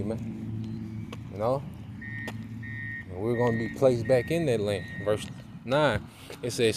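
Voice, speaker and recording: A man giving an informal sermon, reading scripture verses aloud more slowly and tagging his points with "okay?" and "man". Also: medium pitch, background noise. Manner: punctuates with tag questions and "man". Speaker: preacher.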